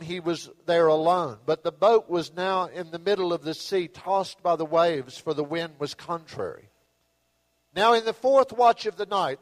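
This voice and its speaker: Male pastor, high voice, animated storyteller preaching from the pulpit; reverberant hall sound. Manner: storytelling, acts out Bible scenes with rising and falling intensity. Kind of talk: sermon.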